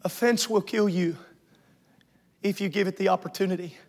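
A man preaching a sermon in a church sanctuary before a congregation, fervent and rising to shouts, joking with the crowd between points. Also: high voice, steady tone, normal speed.

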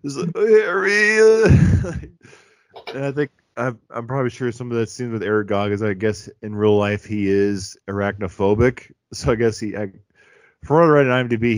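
A man's voice: fairly low pitch, fairly even intonation, fairly quick, darkish tone, no room sound. A man chatting casually and enthusiastically about a film as a podcast co-host, joking as he goes. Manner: enthusiastic, joking, imitates characters.

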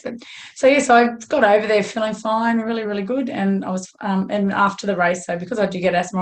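A middle-aged Australian woman with a slightly croaky voice, chatting frankly and at length as a podcast guest. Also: mid-range voice. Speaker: guest runner. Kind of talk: casual chat.

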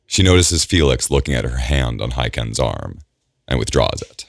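A man reading a novel aloud in a steady, measured audiobook style, close to the mic. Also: rumbling low, vocal fry, no echo. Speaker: narrator. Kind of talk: audiobook narration.

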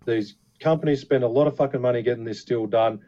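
Man, casual chat, blunt and sweary, dark mellow voice, dull lo-fi recording. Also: mid-range voice, quick pace. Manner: blunt, swears freely, rambling with fillers. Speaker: podcast co-host, knife maker. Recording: dull lo-fi sound.

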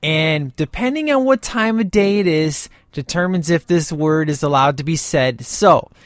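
A man's voice: on the high side, no room sound, studio quality. A man talking casually about a movie in a rambling way, full of fillers and asides. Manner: rambling, many fillers like "you know". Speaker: movie reviewer. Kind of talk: casual video commentary.

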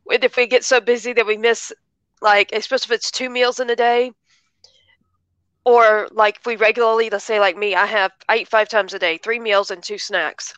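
A woman's voice: fairly high pitch, steady tone, moderate pace, a bit bright, clear, resonant tone, no echo, low-quality recording. A woman hosting a casual chat, talking in a chatty, rambling way with many restarts. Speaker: host.

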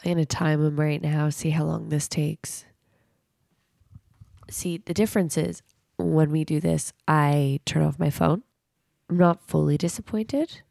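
Low raspy lady podcast host, teasing and blunt, dry close sound. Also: fairly even intonation, unhurried, warm tone, dry recording. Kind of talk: casual chat.

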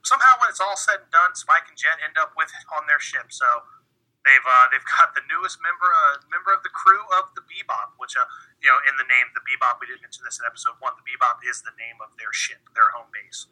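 Bright-voiced rambling man podcaster. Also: medium pitch, quick pace, low-quality recording. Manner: rambling, many fillers and restarts, swears. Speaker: podcast co-host. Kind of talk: casual chat.

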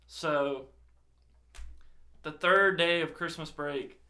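A man's voice: a little high, drawn-out words. A young man casually telling a personal story, swearing often and acting out quoted dialogue. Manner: swears a lot, animated retelling with quoted dialogue.

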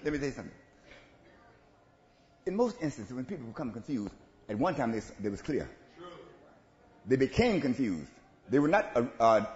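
Preacher, male, lively pitch swings from hush to shout, dull lo-fi roomy recording. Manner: animated, swings from hushed to loud, playful asides. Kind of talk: call-and-response sermon. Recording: roomy, dull low-fi church recording with faint ambience.

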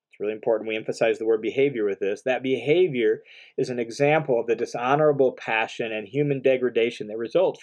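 A man teaching verse by verse through a Bible passage in an earnest, explanatory way, slowing down to stress key phrases. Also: medium pitch, darkish tone.

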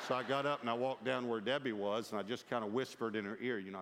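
A middle-aged man preaching a sermon, telling a lively story with quoted dialogue and humor. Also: medium pitch, fast talker, few pauses, noisy background. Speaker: pastor. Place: large church auditorium. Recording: long hall reverb.

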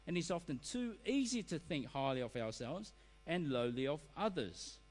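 Lively preacher in a reverberant hall. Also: male voice, a little high, normal speed. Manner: animated, acts out excuses in quoted voices. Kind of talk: sermon.

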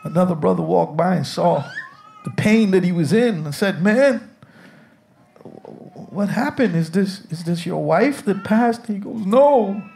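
A man's voice: high-pitched, lively intonation, measured pace, vocal fry, a little mellow, slight background noise. A man preaching a humorous sermon as pastor, telling jokes and calling on his congregation to answer back. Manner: call-and-response with congregation, jokey. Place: church sanctuary with congregation.

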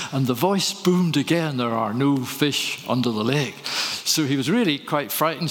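A man's voice: medium pitch, a bit bright. A man preaching a sermon, telling stories and asking rhetorical questions. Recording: reverberant hall.

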